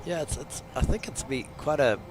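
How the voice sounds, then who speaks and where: A man's voice: fairly high pitch, expressive, moderate pace, noisy background. A man giving laid-back analysis as co-commentator on a live golf broadcast.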